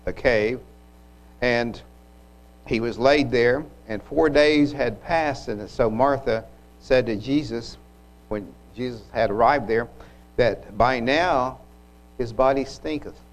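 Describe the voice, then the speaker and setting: A man delivers a sermon, walking through a scripture passage at a very slow, deliberate pace. His pitch sits in an ordinary middle range, and he pauses and restarts now and then as he reflects aloud. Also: low-quality recording. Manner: unhurried, reflective, with occasional restarts. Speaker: preacher.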